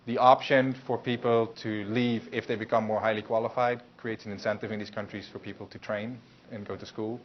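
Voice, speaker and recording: A man's voice: lowish voice, little pitch movement, a little fast, hardly any pauses. A man lecturing a university class in a loose, conversational way, with many fillers and restarts. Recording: muffled lecture recording with faint hiss.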